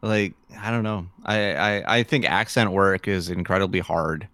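A man co-hosting a casual movie discussion, rambling and measured, often trailing off quietly. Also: sits low, steady tone.

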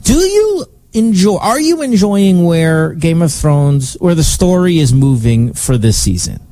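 Animated man hosting morning radio. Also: a little high, unhurried, no echo. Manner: animated, rambling, joking. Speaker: radio morning show host. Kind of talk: casual morning radio chat. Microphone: studio microphone.

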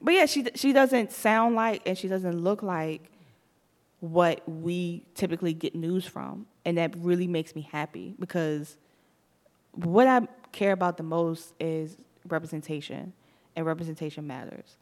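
Young Southern woman, podcast host, slight lisp, animated slangy chat with frequent laughs. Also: fairly low pitch, unhurried. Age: young adult.

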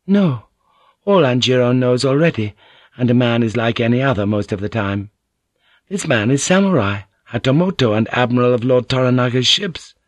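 A man's voice: mid-range voice, lively intonation, moderate pace, dry recording, natural voice. A man reading a novel aloud and voicing a young, graceful courtesan who speaks gaily and lightly. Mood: bright. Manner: gay, light. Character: young, graceful courtesan woman, gay and poised.

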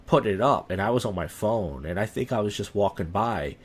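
A man's voice: on the low side, expressive, a little fast, breathy edge. A young man chatting casually as a podcast guest, rambling with restarts and acting out quoted dialogue. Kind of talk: casual chat.

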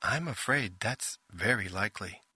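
A man's voice: lowish voice, lively intonation, normal speed, bright, forceful tone, breathy edge, dry recording, studio quality, heavily acted. A man voicing a female starship intelligence, formal, precise and fretful. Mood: uneasy.

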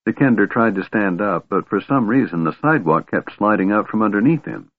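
A man reading a fantasy novel aloud in a measured, steady narration. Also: fairly low pitch, dry recording. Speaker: audiobook narrator. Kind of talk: scripted narration. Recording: tinny phone-like band, dry.

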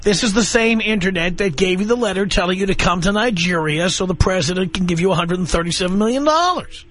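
A man's voice: high voice, lively intonation, quick pace, a bit bright. A man hosting a call-in radio show, talking in a wry, mocking, lecturing way into a close studio mic. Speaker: radio talk show host.

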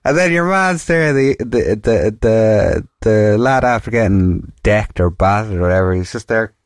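A man's voice: on the low side, normal speed, smooth, no room sound, clean studio sound. Irish man, rambling sweary storyteller. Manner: rambling, swears freely, laughs through his story. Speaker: podcast host. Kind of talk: casual storytelling chat.

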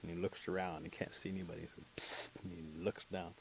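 A man telling a folk tale aloud in an animated, chatty way, with asides to his listener. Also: deep voice, fast, vocal fry, slight background noise, low-quality recording. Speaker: storyteller. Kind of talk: oral folk storytelling.

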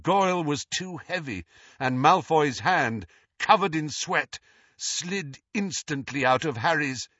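A man giving a dramatic, expressive audiobook narration. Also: on the high side, slow pace, no echo, muffled recording. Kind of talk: scripted narration.

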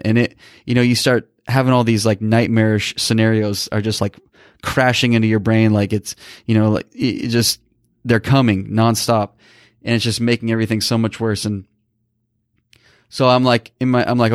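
A man's voice: on the low side, level tone, moderate pace, no room sound, studio quality. A man in his thirties telling a personal story on a podcast, emotional and rambling, with many restarts. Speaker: podcast co-host. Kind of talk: casual storytelling.

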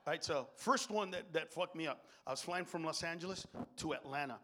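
High-voiced profane stand-up man. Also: fairly quick, few pauses. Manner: profane, animated, acts out characters. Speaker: stand-up comedian. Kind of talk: stand-up routine.

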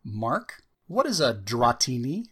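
A man running a quiz in casual podcast chat, dry in manner and even-toned. He reads out answers and spells words letter by letter at a measured pace. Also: medium pitch, slightly rough. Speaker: quiz host.

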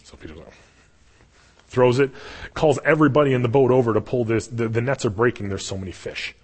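A young man preaching a sermon in a casual, animated storytelling way. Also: mid-range voice, brisk, breathy edge. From Canada. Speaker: pastor. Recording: long hall reverb.

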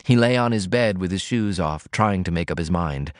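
A male narrator reads a novel aloud in a low, measured voice. The recording is close and dry, with no room sound at all. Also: no room sound. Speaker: audiobook narrator. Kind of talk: scripted audiobook narration.

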